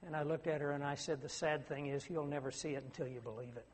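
High-voiced preacher in a reverberant hall. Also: male voice, steady tone, fast, breathy edge. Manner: earnest, rising to emphatic declamation. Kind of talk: sermon.

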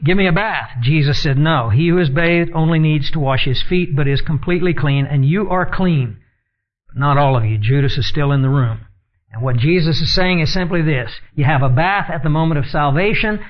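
A man teaching a sermon in an earnest tone, reading scripture aloud and explaining it. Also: on the high side. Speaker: Bible teacher. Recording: dull lo-fi recording.

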